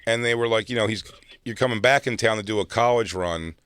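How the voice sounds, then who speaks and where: A man's voice: fairly low pitch, a little fast, fairly bright tone, smooth, no room sound, clean studio sound. A middle-aged man from South Jersey, a comedian telling a road story in casual chat and acting out other people's lines. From South Jersey, near Philadelphia. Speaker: comedian guest.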